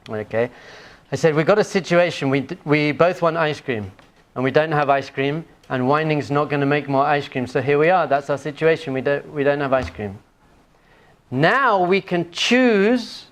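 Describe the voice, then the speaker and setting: A male rabbi teaching a class, telling humorous family stories and putting questions to his audience. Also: mid-range voice. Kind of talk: lecture with personal anecdotes.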